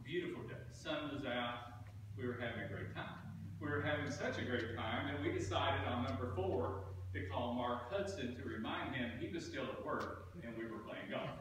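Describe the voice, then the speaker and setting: A man's voice: mid-range voice, noisy background. A man giving a eulogy, telling a folksy golf story with chuckles. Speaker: eulogy speaker. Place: church sanctuary. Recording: echoey room from a distant mic.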